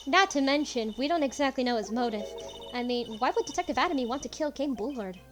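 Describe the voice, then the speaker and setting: Earnest young male attorney for a game read by a woman; forceful, animated delivery. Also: high voice, fast talker, music in the background. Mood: thoughtful. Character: young male defense lawyer, earnest and urgent.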